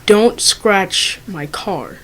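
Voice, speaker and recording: A rude, sarcastic woman customer snaps out short accusations in a middle-pitched voice, as a woman storyteller puts her on. She sounds suspicious and curt, and never backs down. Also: animated, very slow, fairly bright tone.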